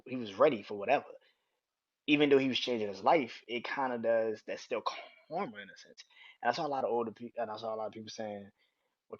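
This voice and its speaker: On his solo podcast, this young male host rambles in a casual way, restarting often and cursing without restraint. He has a slightly rough, mid-range voice, heard through dull lo-fi audio.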